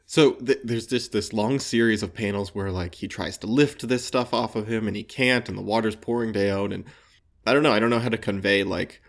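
Excitable New England man, lowish voice. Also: a little fast, creaky. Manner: enthusiastic, laughs often, repeats words. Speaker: podcast co-host. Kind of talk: casual comic book discussion.

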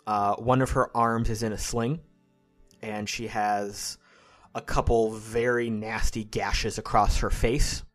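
A man runs a tabletop game with a low, unhurried voice. He sets each scene in measured, deliberate narration, with faint music behind. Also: level tone. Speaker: game master.

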